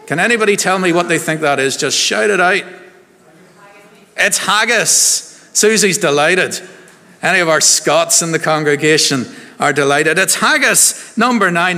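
A man's voice: on the high side, pushed and bright, in a large hall. A man, a minister giving a harvest service sermon in a chatty, jokey way and quizzing the congregation. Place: church.

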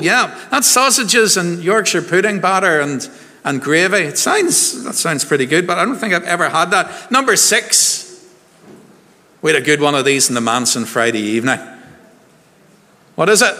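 Man, minister, bright voice, joking with the congregation, long church reverb. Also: high-pitched. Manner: chatty, jokey, quizzing the congregation. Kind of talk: harvest service sermon.

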